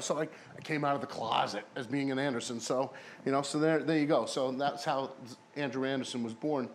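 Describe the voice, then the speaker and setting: A man's voice: mid-range voice, a little fast, slight background noise. A man, a former pro wrestler, telling rambling, profane stories in a casual interview and putting on other people's voices.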